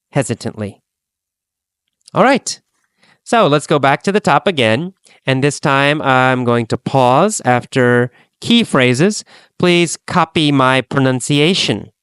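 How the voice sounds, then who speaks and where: A man teaching an English lesson, speaking slowly and deliberately and repeating phrases for learners to copy. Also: mid-range voice, fairly bright tone, smooth, dry recording. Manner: slow, deliberate, repetitive drilling.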